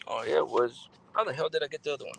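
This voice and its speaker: A man's voice: on the high side, racing, gravelly, a little hiss or hum, poor audio. A man chats easily on a livestream, loose and talkative. He drops street slang and curses freely, reading viewer comments and talking straight to his audience. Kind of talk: casual livestream chat.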